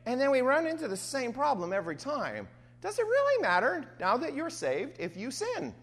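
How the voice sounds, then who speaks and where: A woman preaching a sermon, reading scripture aloud and acting out voices in an animated way. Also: high-pitched, moderate pace, big-room sound.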